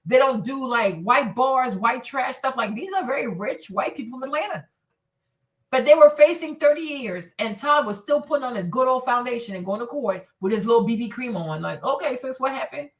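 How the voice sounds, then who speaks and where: A woman giving blunt, profane, animated reaction commentary, often laughing and raising her voice. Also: on the high side, moderate pace, recorded from a distance. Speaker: commentary streamer.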